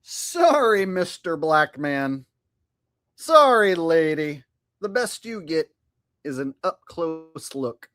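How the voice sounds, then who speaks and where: Slow, crude, mocking male host. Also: a little high, fairly bright tone. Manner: mocking, crude, laughing often. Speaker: channel host. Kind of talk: profane sarcastic commentary.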